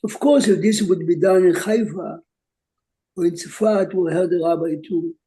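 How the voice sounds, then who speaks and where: A man's voice: high voice, normal speed, dark tone, low-quality recording. An older man from Jerusalem, a rabbi teaching an online class and telling stories in English sprinkled with Hebrew terms.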